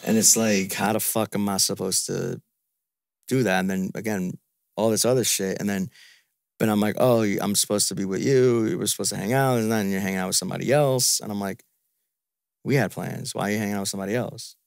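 A man's voice: on the low side, steady tone, brisk, gravelly, no echo, clean studio sound. A man venting in a frustrated, repetitive, profane way in a casual podcast chat. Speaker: podcast guest.

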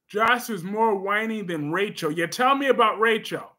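A man hosting a casual livestream, reading viewer comments in a sassy, emphatic way with sudden loud bursts. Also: sits high, normal speed, few pauses.

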